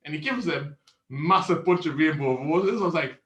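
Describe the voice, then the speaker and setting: A man's voice: fairly high pitch, moderate pace, roomy sound, highs cut off. A man, co-hosting a casual beer show, telling a story with lots of swearing and laughter. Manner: animated storyteller, swears freely, laughs often. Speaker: co-host of a beer review show.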